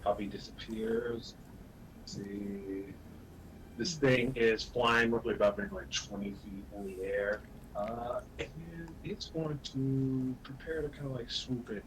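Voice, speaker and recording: A man's voice: medium pitch, fairly even intonation, slow pace, noisy background. A man acting as game master, describing monsters in a loose, filler-heavy way on a livestream. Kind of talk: narrating a tabletop game on a livestream.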